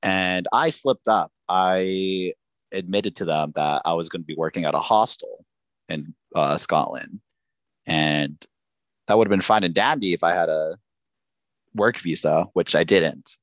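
A man telling a travel story in casual chat, animated and laughing often. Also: low-pitched, measured pace, dry recording.

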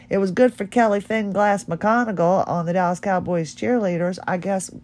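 A middle-aged woman who hosts her own podcast talks at normal speed with few pauses, her mid-range voice darkish in tone. She's tearful throughout this personal monologue, rambling in a heartfelt and candid way.

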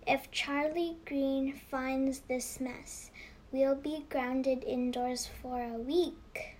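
A woman reading a children's novel aloud, slowly and carefully, with restarts and whispered passages. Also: high voice, fairly even intonation, slight background noise. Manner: slow, careful reading with many restarts, dropping to a whisper for hushed moments. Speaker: reader.

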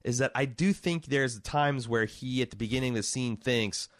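A man's voice: medium pitch, normal speed, no room sound, clean studio sound. A man co-hosting a podcast, chatting casually about a movie, joking and swearing freely with lots of restarts. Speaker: podcast co-host.

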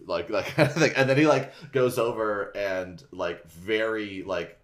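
A man with a low-pitched voice recaps a story in loose, rambling fashion, leaning on "like" constantly. He drops casual swears and slips into quick impressions of the characters as he goes. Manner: rambling, heavy use of "like", swears casually, acts out characters' lines. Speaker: podcast host recapping a book.

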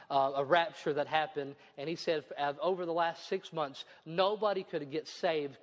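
Preacher with a raised tenor in a hall. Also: male voice, on the high side. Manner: expository preaching, reading scripture aloud with asides. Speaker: pastor. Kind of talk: sermon. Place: church building. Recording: dull sound with long hall reverb.

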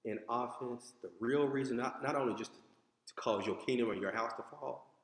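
Male pastor from the States, animated conversational sermon, mid pitch, recorded with long hall reverb. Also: normal speed. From United States. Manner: animated, conversational preaching with asides to the congregation. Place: church sanctuary. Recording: echoey hall.

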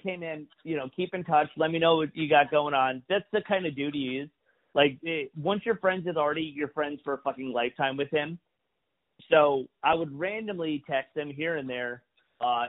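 A comedian telling a long story in a casual chat, swearing freely and acting out the lines of the people he quotes. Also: fairly high pitch. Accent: New York. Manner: profane, animated storytelling with acted-out quotes. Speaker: comedian guest. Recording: phone-like lo-fi audio.

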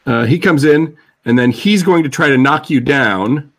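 Male game master, casual, gravelly, laughs easily, video call. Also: mid-range voice, fairly bright tone. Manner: laid-back, quick to laugh. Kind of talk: narrating a tabletop game over video call. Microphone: video call mic.

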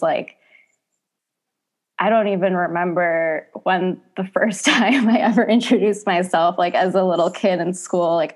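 Young woman guest on a podcast, says like a lot, laughs easy. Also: on the low side. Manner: chatty, lots of "like", laughs easily. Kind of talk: casual chat.

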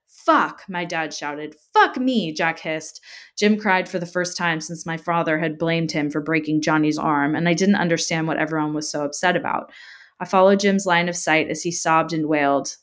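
A woman's voice: low voice, fairly bright tone. A woman reading a first-person horror story aloud with dramatic emphasis, laughing off her own stumbles. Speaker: narrator.

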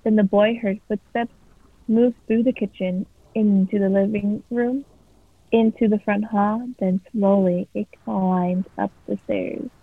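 A woman's voice: medium pitch, fairly even intonation, a little slow, no echo. A woman casually reading a scary story aloud as a podcast co-host. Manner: casual, swears freely. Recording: tinny phone-like sound.

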